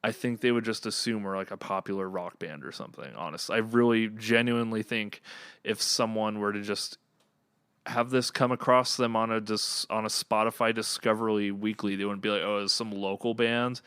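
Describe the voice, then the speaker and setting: A young man chats on a podcast in an earnest, rambling way, full of fillers and restarts. His voice sits a little low and sounds smooth and clean. The recording is dry, with no room sound. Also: fairly even intonation, moderate pace, fairly bright tone, no room sound. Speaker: podcast co-host and band member. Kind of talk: casual chat.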